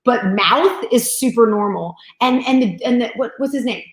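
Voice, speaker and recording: A woman chatting casually about movies, animated and acting out scenes as she tells them. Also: on the high side, moderate pace. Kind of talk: casual chat. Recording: echoey room.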